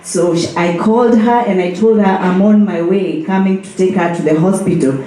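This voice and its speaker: A woman's voice: lowish voice, moderate pace, warm tone. A woman giving a personal tribute at a memorial, telling her story with some hesitation. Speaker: memorial speaker. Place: church hall. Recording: echoey hall, far from the mic.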